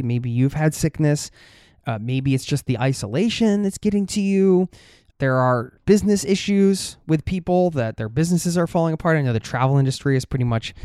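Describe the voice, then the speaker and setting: A man's voice: medium pitch, mellow, clear, resonant tone, no room sound, studio quality. A man hosting a travel podcast, talking earnestly and rambling a little with fillers and restarts. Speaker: podcast host. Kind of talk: heartfelt podcast intro and interview.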